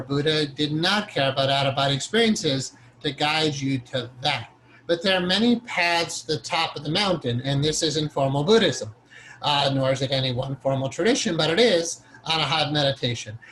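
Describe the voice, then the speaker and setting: Earnest man teaching meditation, slightly high. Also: a bit bright, slight background noise, low-quality recording. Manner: rambling and conversational, with frequent self-corrections; earnest, chuckles now and then. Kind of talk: informal spoken lecture.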